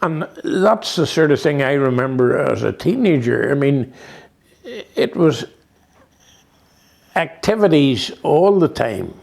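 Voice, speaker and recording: An elderly Northern Irish man in his eighties recalls old stories in a slow, rambling way, full of restarts and fillers. His voice carries a gravelly, creaky edge at an ordinary middle pitch. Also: lively intonation, darkish tone. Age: 80s. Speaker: interviewee. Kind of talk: reminiscing conversation.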